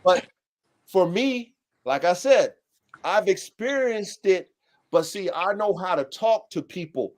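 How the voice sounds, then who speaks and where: A man in his thirties hosting a casual podcast chat, animated and slangy, with blunt profanity and acted-out customer quotes. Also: high-pitched, slow. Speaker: podcast host. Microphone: live-stream call setup.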